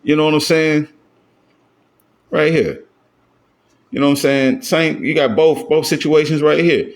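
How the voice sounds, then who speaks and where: A man's voice: a little high, fairly even intonation, unhurried. A man giving a casual, step-by-step grammar lesson, often checking in with his listeners. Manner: talks things through loosely, often asks "you know what I'm saying?". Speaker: self-taught Hebrew grammar teacher.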